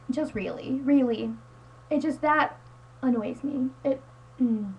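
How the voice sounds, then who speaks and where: Dull audio with slight background noise captures a teenage girl's high voice as she rants into her webcam at home. The high school vlogger is exasperated and rambling, dropping "like" over and over.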